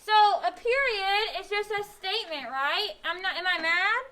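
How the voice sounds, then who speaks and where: High, bright-voiced woman teaching a class. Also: normal speed. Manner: expressive, questioning, coaxing children to answer. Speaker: elementary school teacher. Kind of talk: classroom instruction.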